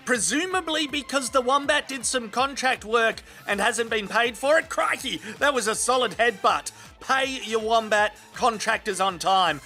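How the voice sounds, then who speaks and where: An energetic Australian man narrates animal clips with cheeky, sweary jokes. His voice is high and very bright, and faint music plays behind him. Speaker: comedy video narrator.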